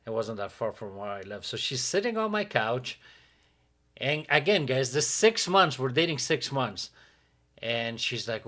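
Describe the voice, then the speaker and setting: A man co-hosting a podcast, telling a dating story in a casual, animated way and acting out what others said. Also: medium pitch, a little slow. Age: adult with a teen-era dating life, father. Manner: animated, acts out quotes of others. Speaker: podcast co-host.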